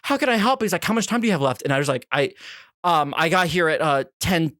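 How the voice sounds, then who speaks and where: A young man tells a story on a podcast in a quick, animated rush, swearing freely and acting out his own panic. His voice sits high and bright. The sound is dry and close, with no room around it. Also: no echo. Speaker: podcast co-host. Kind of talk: casual storytelling chat.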